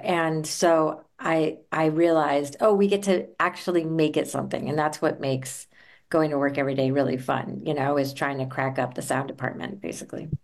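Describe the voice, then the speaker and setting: Low-voiced earnest woman actor. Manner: earnest, repeats words as she thinks. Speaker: actress on a comedy series. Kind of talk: casual interview chat.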